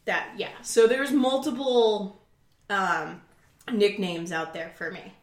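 A woman's voice: mid-range voice, expressive, takes it slowly. Woman telling stories on a podcast, mid voice, dry little asides, echoey room. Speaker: podcast co-host. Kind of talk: casual chat.

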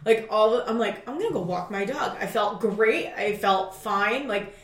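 A woman chatting casually as a podcast co-host, telling a lively story, swearing and acting out quotes. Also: medium pitch, normal speed. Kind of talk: casual chat. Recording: echoey room.

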